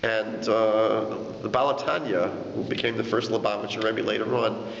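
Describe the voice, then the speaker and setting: A male rabbi telling a story in an animated way, acting out the quotes. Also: on the low side, normal speed, vocal fry. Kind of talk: storytelling lecture. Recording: dull echoey hall, faint noise.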